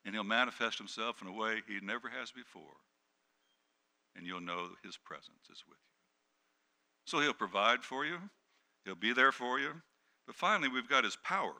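A middle-aged male pastor preaching a sermon, dropping to hushed tones and then rising to loud, emphatic peaks. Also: medium pitch, normal speed, pauses often. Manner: dynamic preaching, swings from hushed to shouting.

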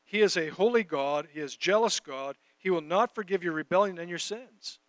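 A man's voice: high voice, normal speed, fairly bright tone, no echo. A man preaching a conversational sermon, reading scripture and talking directly to his audience. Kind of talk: sermon teaching.

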